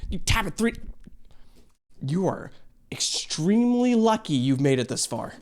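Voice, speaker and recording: A man hosting a reaction video, talking casually and animatedly, swearing freely, stammering and restarting, and jumping into a high, excited pitch when something surprises him. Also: a little slow, slight background noise.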